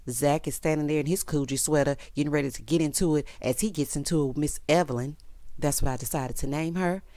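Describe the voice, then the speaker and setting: A sassy woman recaps a TV episode in a casual vlog, laughing and acting out each character. Her pitch swings all over, full of life. The sound is dry and close. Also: dry recording. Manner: sassy, playful, quick to laugh, acts out characters' lines. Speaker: TV recap reviewer.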